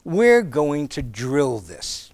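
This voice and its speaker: A man's voice: a little high, sing-song, very slow, a little mellow, no echo, heavily acted. A man quoting a firm army captain. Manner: firm, drilling a junior officer. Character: blunt no-nonsense male army captain.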